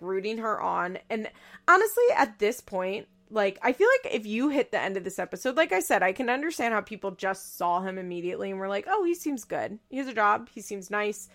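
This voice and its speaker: A woman's voice: medium pitch, expressive, fairly quick. A woman hosting a podcast, chatting casually and laughing often as she recaps. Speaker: podcast host.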